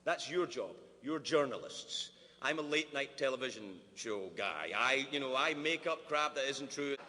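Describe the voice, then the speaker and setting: Animated Scottish comic in a hall. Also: male voice, medium pitch. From Scotland. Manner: animated, quick asides and mock-voiced quotes. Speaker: comedian. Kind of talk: stand-up comedy at a formal dinner. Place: large banquet hall. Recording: roomy hall with faint ambience.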